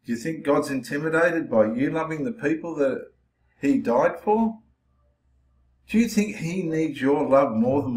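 A man's voice: on the high side, lively intonation, a little slow, darkish tone. Impassioned male preacher in an echoey room. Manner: confrontational, challenging the listener directly. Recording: roomy echo.

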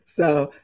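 Animated woman on a video call. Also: fairly low pitch, dry recording. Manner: animated, acts out other people's tones. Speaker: panelist. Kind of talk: casual panel discussion.

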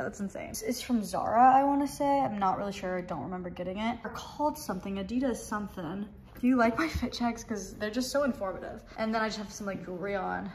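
A woman's voice: medium pitch, a little hiss or hum. A young woman rambling to the camera in a casual home vlog, chatty and full of fillers. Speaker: lifestyle vlogger. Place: at home, indoors.

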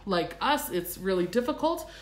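Brisk woman host on a live stream. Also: medium pitch, very animated. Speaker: host, pet groomer. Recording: roomy echo.

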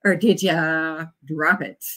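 Speaking slowly in a deep voice, she keeps her intonation fairly even, with a touch of brightness. She's a woman in her forties, an author hosting a writing sprint livestream with a casual, bubbly manner, often letting out whoops to cheer her viewers on.

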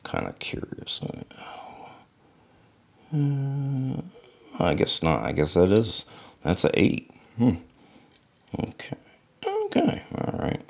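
Man, very deep gravelly voice, unhurried, casual unboxing chatter, musing aloud. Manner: relaxed, musing to himself while handling the knife. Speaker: knife reviewer.

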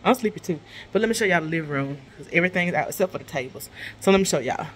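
A woman's voice: on the low side, lively intonation, racing, a little hiss or hum. A woman filming a casual home vlog with a stuffy nose, talking straight to her viewers and calling them y'all while she shows her living room. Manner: chatty, addresses viewers as y'all, repeats herself. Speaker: vlogger.

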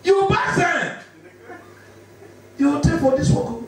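A high-pitched man with a Nigerian accent performs stand-up, firing off banter and laughing between lines. He is heard from far off in a booming hall, with a loud crowd behind him. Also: animated. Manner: rapid Pidgin-laced banter, laughing often. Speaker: stand-up comedian. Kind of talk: live stand-up comedy. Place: large indoor venue with live audience.

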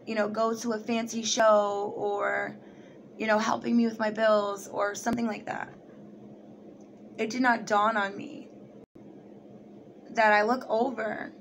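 A woman's voice: fairly high pitch, slight background noise. A young woman telling a personal story to the camera in a rambling, casual way, full of "like" and "you know". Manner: rambling, heavy use of "like", animated retelling. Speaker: vlogger.

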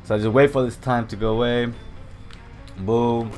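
A man's voice: medium pitch, little pitch movement, normal speed, a little mellow, soft background music. A young man casually talking through a game tutorial at home, rambling and swearing often. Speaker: gaming channel host. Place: home room.

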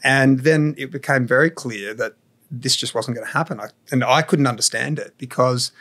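Male founder guest, measured and explanatory, mid-pitched. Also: fairly bright tone. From Australia. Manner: measured, explains at length with frequent "you know" and "like". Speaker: entrepreneur guest. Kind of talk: reflective podcast interview.

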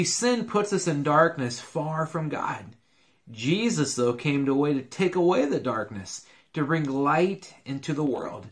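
A man telling a Bible story to children, in an earnest and expressive storytelling manner. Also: fairly high pitch.

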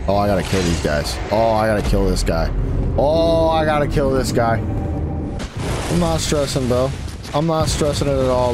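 A gaming YouTuber delivers let's play commentary on his own gameplay at a moderate pace, his male voice expressive as he trash-talks enemies and jumps high when frustrated. Heavy background noise and game sounds sit behind him.

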